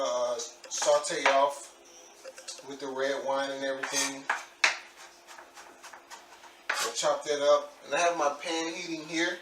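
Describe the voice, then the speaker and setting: Chatty man cooking in an echoey kitchen. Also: noisy background. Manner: chatty, relaxed, says "boom" while chopping. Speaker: home cook vlogger. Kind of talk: casual cooking demo. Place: home kitchen. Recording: echoey kitchen, far from mic, loud frying.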